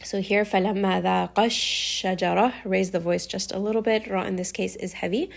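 A woman's voice: mid-range voice, steady tone, brisk, gravelly, darkish tone, breathy edge. A woman teaching recitation rules in a patient, step-by-step way, repeating each point and reciting short demonstrations. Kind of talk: step-by-step explanatory lesson.

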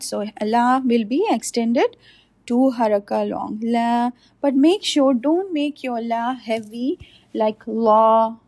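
A woman teaching careful recitation and pronunciation, slowly demonstrating each sound and correcting common mistakes. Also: on the high side, warm tone, no room sound. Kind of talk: tajweed pronunciation lesson.

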